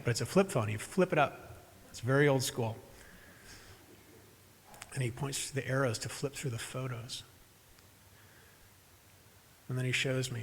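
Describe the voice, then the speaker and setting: A man's voice: mid-range voice, vocal fry, fairly bright tone, a little hiss or hum. A man preaching a sermon as pastor, telling a personal story conversationally with self-deprecating asides to the congregation. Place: church sanctuary during a live service. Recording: echoey church hall.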